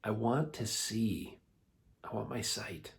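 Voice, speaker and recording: A man voicing a blind adult male beggar who shouts and pleads for mercy. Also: fairly low pitch, animated, takes it slowly, gravelly, exaggerated voice. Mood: quiet longing.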